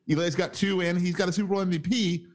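Man, sports podcast co-host, fairly high voice, blunt, opinionated, profane. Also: steady tone, fast, crowd noise. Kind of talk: casual sports chat.

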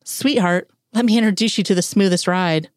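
A woman's voice: mid-range voice, fairly quick, a little mellow, dry recording, studio quality, natural voice. A woman reading an audiobook, voicing a cocky, slick young man with a pushy, sarcastic manner. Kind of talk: audiobook character voice.

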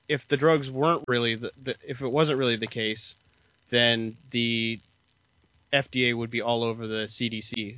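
A man's voice: medium pitch, bright, forceful tone, no echo. A man co-hosting a casual podcast, explaining TV episode plot and acting out characters' lines. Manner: explanatory, retells scenes with quoted lines. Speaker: podcast co-host. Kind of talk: casual chat recapping a TV episode. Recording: dull lo-fi dry mic.

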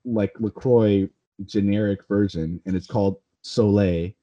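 A man's voice: fairly low pitch, unhurried, mellow, highs cut off. A man with a Californian accent hosting a podcast, joking and rambling casually. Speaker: podcast host.

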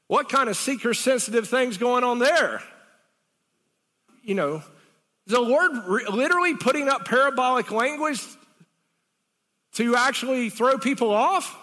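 Male preacher, high bright voice, chatty rambling sermon with rhetorical questions, reverb of a big hall.

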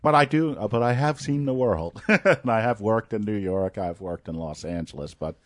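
Deep-voiced rambling man. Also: moderate pace, no room sound, studio quality. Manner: rambling storyteller, jokey, laughs often. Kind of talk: casual chat.

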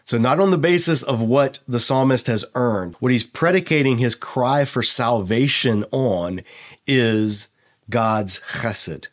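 A middle-aged man teaching a Bible lesson, sounding out Hebrew words slowly and then speeding through his explanations. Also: medium pitch.

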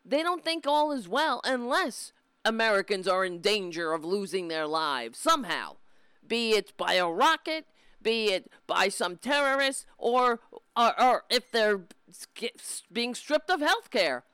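A woman with a fairly high voice hosts a live stream of political commentary, speaking a little slowly in a clean tone. The studio sound is clean with no echo, and her delivery is animated, exasperated, mocking, and full of swearing.

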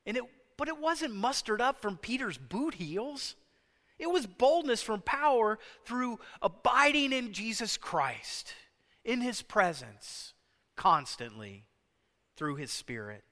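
A man preaching a sermon, emphatic, swinging between loud stresses and hushed lines. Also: high-pitched. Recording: long hall reverb.

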